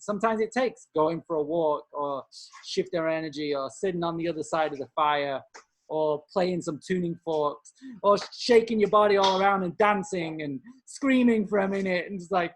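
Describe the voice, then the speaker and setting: A man's voice: fairly high pitch, normal speed. Earnest man rambling with fillers. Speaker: co-host. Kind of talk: casual spiritual chat.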